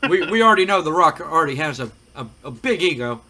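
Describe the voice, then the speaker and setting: A man's voice: on the high side, very animated, fast talker, sharp tone. A man hosting a casual gaming commentary, chatty and rambling with frequent fillers. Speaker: host.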